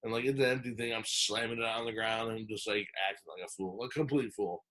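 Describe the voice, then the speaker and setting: Speaking fast in a fairly low voice, a man on a podcast gives an animated, rambling retelling of a long story. He acts out quoted lines, with many fillers and restarts.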